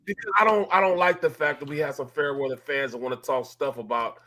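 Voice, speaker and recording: A man's voice: on the high side, quick pace, sharp tone. A middle-aged man, a former football lineman, talking sports in a heated, emphatic way and repeating his points. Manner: fired up, emphatic, repeats himself. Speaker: former NFL lineman, guest analyst.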